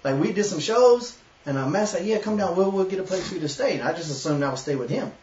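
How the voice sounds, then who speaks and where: A man's voice: high voice, quick pace, slight background noise. A man with a Southern US accent telling a long, profane story in casual chat and laughing as he goes. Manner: profane, animated storyteller who laughs as he tells it. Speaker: webshow host. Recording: echoey, lo-fi room mic from a distance.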